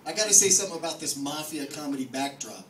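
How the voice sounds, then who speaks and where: A man with a New Jersey accent tells profane stand-up stories in a brash way. His voice sits a little high. He is heard from a distance in a roomy club, with audible noise behind him. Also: lively intonation, fast talker. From New Jersey, USA. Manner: brash, profane, swings into loud mock-angry bits. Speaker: stand-up comedian. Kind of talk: stand-up comedy set. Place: comedy club stage. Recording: echoey club from far off with noise.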